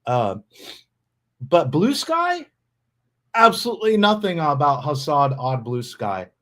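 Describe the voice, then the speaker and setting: A man's voice: fairly high pitch, very animated, slow, a bit bright. Blunt, profane male streamer. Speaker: streamer host. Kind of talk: casual livestream commentary.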